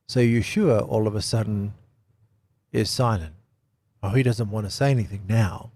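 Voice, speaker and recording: A man giving an unscripted Bible study talk, animated, with lots of rhetorical questions and repeated phrases. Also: lowish voice, normal speed, long pauses. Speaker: Bible teacher.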